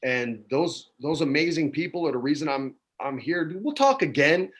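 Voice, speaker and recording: A man in his forties from New Mexico, a guest telling stories in a relaxed chat, dropping "man" and "dude" often, on a video call from home. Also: on the high side, moderate pace. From New Mexico, USA. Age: 40s. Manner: laid-back, peppers talk with "man" and "dude". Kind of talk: casual storytelling chat.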